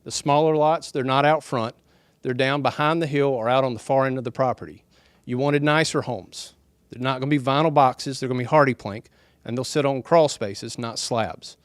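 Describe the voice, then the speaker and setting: A middle-aged man, speaking earnestly and softly to residents at a town meeting. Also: medium pitch, moderate pace, dry recording. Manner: soft-spoken, earnest, folksy. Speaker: developer's representative at a town hall. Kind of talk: public speech at a town meeting.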